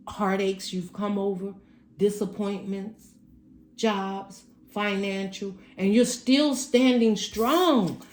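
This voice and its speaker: Slow, emphatic woman reading tarot. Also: medium pitch, dark tone, roomy sound. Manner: emphatic, repetitive, talks straight to the viewer. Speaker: tarot reader. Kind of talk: casual spoken tarot reading to camera. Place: room at home.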